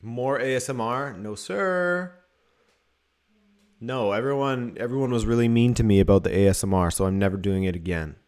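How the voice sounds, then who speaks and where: A man's voice: fairly low pitch, fairly even intonation, quick pace, hardly any pauses, darkish tone. A man hosting a live football watchalong, giving casual, joking commentary and reading viewer comments aloud. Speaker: watchalong host.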